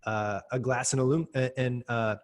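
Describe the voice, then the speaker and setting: A man's voice: medium pitch, steady tone, moderate pace. An American man hosting an interview, rambling with many fillers and restarts. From USA. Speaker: host. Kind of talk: casual interview chat.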